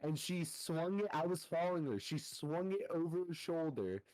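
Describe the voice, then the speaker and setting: Young dude rambling about an old injury on a podcast, slightly high voice, dry mic. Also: male voice, animated, normal speed, a little mellow, no room sound, poor audio. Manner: loose, rambling, says dude a lot. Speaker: podcast co-host. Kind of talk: casual storytelling chat.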